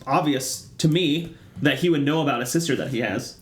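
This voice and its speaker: A man's voice: mid-range voice, brisk. A man co-hosting a casual gaming podcast with dry, teasing banter. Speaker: podcast co-host. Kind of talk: casual chat.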